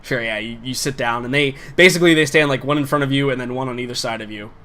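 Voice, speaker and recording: A man's voice: mid-range voice, quick pace, sharp tone. A man narrating a tabletop game as game master, casual and rambling with many fillers.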